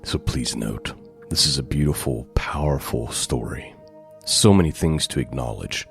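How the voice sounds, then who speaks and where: Man preaching, reads scripture then expounds; very deep and unhurried, leans on repeated words. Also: gravelly, soft background music. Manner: slow, deliberate, emphatic repetition. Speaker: pastor. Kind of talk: sermon with scripture reading.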